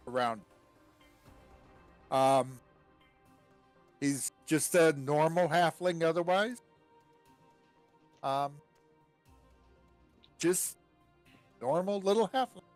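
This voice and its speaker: Male tabletop player, slow, halting delivery. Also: a little high. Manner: halting, full of "um"s. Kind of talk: describing his character at a tabletop game.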